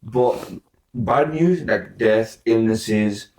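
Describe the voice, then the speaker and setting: Halting man, distant and roomy. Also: lowish voice, a little mellow. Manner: halting, restarts a lot, thinking aloud. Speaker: podcast co-host. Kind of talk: casual chat. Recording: roomy sound, distant from the mic.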